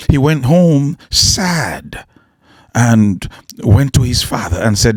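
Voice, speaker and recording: A man's voice: medium pitch, slow pace, husky, dry recording, studio quality. A man preaching and storytelling with emphasis, often repeating lines rhetorically. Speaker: motivational preacher.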